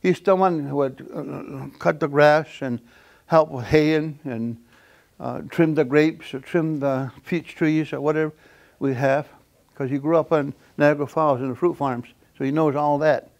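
An older man giving a lecture as an elder, telling stories in a halting, rambling way with many fillers and chuckles. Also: a little high, fairly even intonation, creaky, darkish tone. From Akwesasne Mohawk community. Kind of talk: storytelling lecture.

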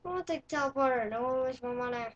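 A woman giving casual gameplay commentary, excitable and playful, often yelling when in danger. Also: sits high, fast talker. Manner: playful, swaps swearing for mild words. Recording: dull lo-fi recording with faint noise.

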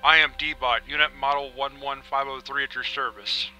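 A man voicing a literal-minded male robot, speaking in a flat monotone without natural inflection. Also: medium pitch, normal speed, soft background music, poor audio. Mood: robotic.

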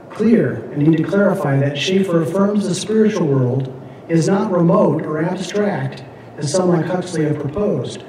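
A man's voice: fairly high pitch, warm tone, a little hiss or hum. A man teaching a Bible class, lecturing and reading scripture aloud, with many fillers and restarts. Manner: halting, frequent fillers and restarts. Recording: echoey room, mic at a distance.

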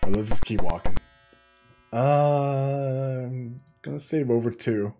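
A man's voice: mid-range voice, a little slow, warm tone, faint music behind. A man casually commenting as he plays through a game, thinking aloud and reading the on-screen text with stumbles and restarts. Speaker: gaming video host. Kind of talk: casual let's-play commentary.

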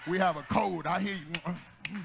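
A man preaching an energetic church sermon, calling out to the congregation and rising into shouts as he jokes and exhorts. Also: high-pitched, unhurried, vocal fry. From United States. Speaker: pastor.

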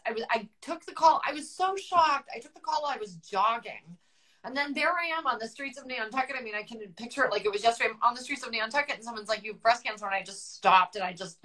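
A middle-aged woman with a bright, forward voice tells her personal story over a video call. She is chatty and open with her feelings, and she often stops and restarts her sentences as she goes. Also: on the high side, poor audio. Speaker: guest author.

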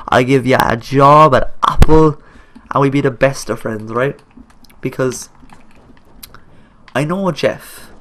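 A faint hiss or hum accompanies this medium-pitched young man with an Irish accent. A gaming YouTuber doing let's play commentary, he jokes and rambles over the game, snaps back at characters on screen, and swears a lot in coarse slang.

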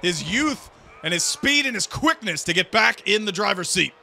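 A man calling wrestling action play by play, loudly and excitedly. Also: sits high, normal speed, gravelly, slight background noise. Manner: loud, shouting calls of the action. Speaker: play-by-play commentator. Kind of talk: excited wrestling game commentary.

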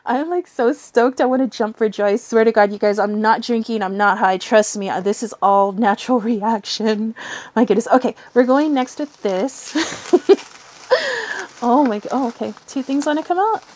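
Giddy young girl unboxing stuff, kinda high voice, gushes and giggles a lot. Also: normal speed, a little mellow, a little hiss or hum. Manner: giddy, gushing, swears and giggles often. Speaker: tarot reader and unboxing vlogger. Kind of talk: excited casual unboxing vlog.

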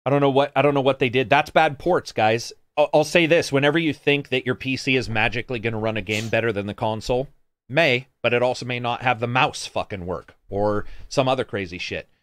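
A man of middle pitch hosts a laid-back gaming show and answers viewer comments as they come in. He rambles, swears freely and throws in sarcastic asides. The recording is close and dry, with no room sound. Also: a little fast, fairly bright tone, no echo. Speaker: stream co-host reading viewer comments. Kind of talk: casual gaming chat.

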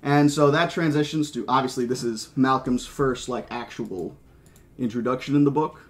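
Give me a mid-pitched man reading a novel and chatting casually in between. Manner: casual, halting, with frequent restarts. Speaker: audiobook reader. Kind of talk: horror-themed novel reading with commentary.

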